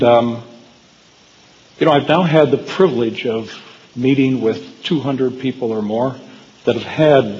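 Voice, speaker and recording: Speaking in a mid-range voice, this man addresses a live audience in a big hall, captured on dull-sounding audio. His lecture wanders through personal stories, full of fillers and false starts.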